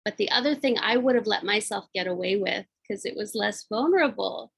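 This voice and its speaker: A woman's voice: medium pitch, fairly quick, vocal fry, hardly any pauses, fairly bright tone, breathy edge. A woman, a musician and voice coach, talking as a podcast guest in a loose, reflective way full of "like" and "you know". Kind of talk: casual conversation.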